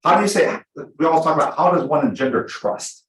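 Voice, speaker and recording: A man at a mid pitch leads a live training class for agents. He rushes through his points and acts out client stories along the way. His voice swings widely in pitch and rings around an echoey meeting room. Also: slight background noise. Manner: energetic, fast, full of acted-out examples. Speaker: real estate trainer. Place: meeting room with a small audience.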